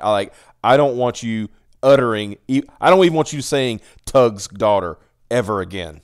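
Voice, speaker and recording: A man ranting on a casual livestream, swearing freely and sounding exasperated as he reads tweets aloud. His pitch swings around a lot, animated from phrase to phrase, and he keeps his delivery loose and chatty. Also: moderate pace, clean tone. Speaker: stream co-host.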